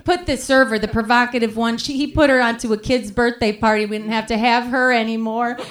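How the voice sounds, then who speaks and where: A woman's voice: a little high, steady tone, a little fast, lightly acted. A woman playing a sweet, oblivious church lady. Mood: chatty. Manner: sweet, earnest, oblivious storytelling. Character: prim naive churchgoing woman, cheerfully self-righteous. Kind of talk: live comedy podcast character monologue. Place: live theater stage.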